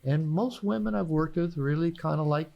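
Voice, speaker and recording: A man's voice: a little high, moderate pace, gravelly, dull audio. An older man, a therapist and author, telling personal stories in a podcast conversation, repeating words as he restarts and laughing at his own punchlines.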